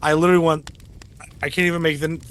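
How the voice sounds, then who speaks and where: Animated male podcast co-host, slightly higher voice. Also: quick pace, a little hiss or hum. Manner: animated storytelling with lots of fillers and swearing. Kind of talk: casual chat.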